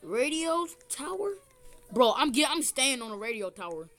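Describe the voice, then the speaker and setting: A woman's voice: high-pitched, very animated, normal speed, a bit bright. An older woman giving playful, teasing commentary while playing a game with her family, recorded on a phone. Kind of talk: casual gameplay commentary. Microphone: phone screen recording.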